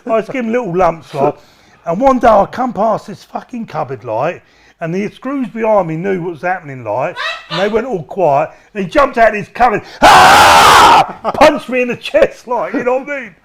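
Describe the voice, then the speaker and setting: A man with a high, lively voice rambles through stories as an interview guest. His swearing is casual and his speech is loose and full of restarts. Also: fairly quick, some chatter behind, a little hiss or hum. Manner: rambling, profane, laughing storyteller. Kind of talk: casual storytelling.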